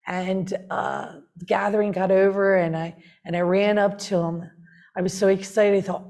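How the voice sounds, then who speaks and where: A woman's voice: mid-range voice, steady tone, normal speed, dark tone. A woman sharing her spiritual story in an earnest, rapt way, with many fillers. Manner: earnest and rapt, with frequent "like" and "you know" fillers. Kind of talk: heartfelt conversational sharing.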